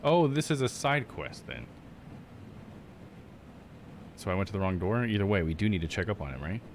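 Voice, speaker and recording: A man's voice: deep voice, very animated, normal speed, a little hiss or hum. A young man live streaming a game, chatting casually in a laid-back, self-deprecating way and laughing often. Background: game music.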